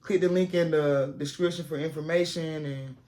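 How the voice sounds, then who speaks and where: A down-home woman talking casually to her camera, a former teacher now making content full-time. She speaks in a plain, encouraging way, and her voice has a low, relaxed tone for a woman. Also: normal speed. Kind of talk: casual advice vlog to camera. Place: home set made to look like a classroom.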